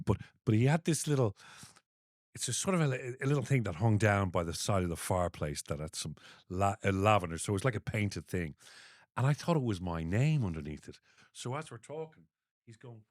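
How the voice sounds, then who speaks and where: A man's voice: dry recording, clean studio sound. An older man co-hosting a podcast, telling a story in casual chat and acting out the dialogue. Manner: storytelling, acts out dialogue with rising pitch. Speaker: podcast co-host.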